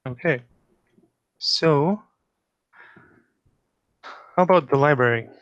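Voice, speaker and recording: A man's voice: a little high, takes it slowly, a bit bright, no echo, lo-fi sound. A man running a linguistics fieldwork session, hesitant and full of fillers, repeating answers back. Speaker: fieldwork interviewer. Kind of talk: elicitation session, casual.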